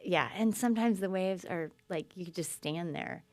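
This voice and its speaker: A woman guest telling her story in conversation, lively and acting out quoted speech. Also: lowish voice, normal speed. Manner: animated, acts out quoted speech.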